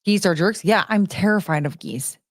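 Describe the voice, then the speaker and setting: A woman's voice: medium pitch, moderate pace, dry recording, studio quality. A woman chatting casually with her live-stream viewers, rambling and giggling and often breaking off mid-sentence. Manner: rambling, self-interrupting, giggly. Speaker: livestream host.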